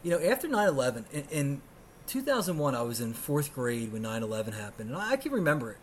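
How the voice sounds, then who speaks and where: Man in his thirties, podcast host, ranting and swearing, sarcastic, pitch swinging wildly, faint noise behind. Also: sing-song, fast talker. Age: 30s. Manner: ranting, sarcastic and profane, swinging between mutters and outbursts. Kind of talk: solo podcast rant.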